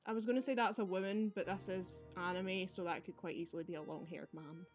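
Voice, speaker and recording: A woman's voice: lowish voice, fairly even intonation, fairly quick, soft background music. A young woman giving chatty, rambling commentary while playing a video game, laughing often, recorded on earbuds. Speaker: let's play gamer. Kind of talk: casual gameplay commentary.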